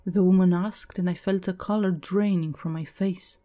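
A woman reads a first-person horror story aloud in a measured, even manner. Her voice sits on the low side with a warm, mellow tone. The delivery is steady and scripted throughout. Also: faint music behind. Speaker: narrator.

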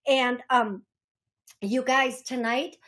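A woman's voice: on the high side, steady tone, takes it slowly, fairly bright tone. A woman hosting a call-in radio show as a psychic medium. She rambles, laughs at herself and repeats key phrases for emphasis. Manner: chatty, rambling, self-deprecating.

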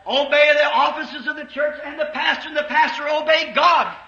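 Preaching a sermon, a man uses a very high, bright, piercing voice with a steady tone and moderate pace, moving from quiet storytelling to fervent shouting. The audio is dull and lo-fi, with the roomy echo of an old church recording.

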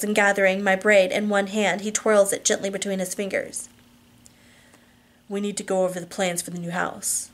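A woman narrating a novel in the first person, reading steadily and evenly, and sometimes stumbling over a word. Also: medium pitch. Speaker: audiobook reader.

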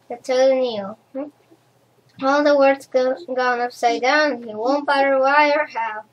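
A woman reads a rhyming children's storybook aloud at a slow, rhythmic pace. Her voice sits high, and she stumbles over a word now and then. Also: fairly even intonation, rough recording. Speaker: storybook reader.

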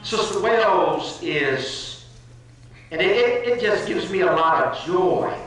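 A minister with a high, slightly bright voice addresses his congregation slowly and expressively, leading call-and-response praise and thanking the choir. He's recorded from far off in an echoey church hall.

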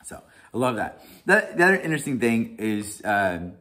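A man's voice: medium pitch, normal speed. A man leading a Bible study, reading scripture and then talking it over loosely, with frequent restarts, "right?" and chuckles. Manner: animated, many restarts and "right?", chuckles often.

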